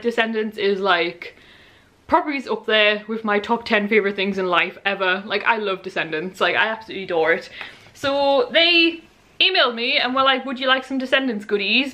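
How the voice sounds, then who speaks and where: Gushing bright-voiced woman. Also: medium pitch. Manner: excitable, gushing, rambling with many "like"s. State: sore throat. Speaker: vlogger. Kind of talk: casual chat to camera.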